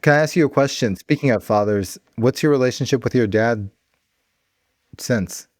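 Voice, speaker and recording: A man's voice: mid-range voice, normal speed, darkish tone, dry recording, studio quality. A man hosting an interview, offering affirming, reflective comments to his guest and asking follow-up questions. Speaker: host. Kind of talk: interview conversation.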